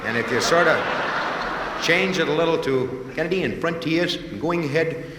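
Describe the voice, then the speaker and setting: Rambling comedian in an echoey hall. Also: male voice, a little high, normal speed. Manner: rambling, playful, drifts into voices. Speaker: stand-up comedian. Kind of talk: improvised stand-up monologue. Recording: old live recording, echoey hall, loud hiss.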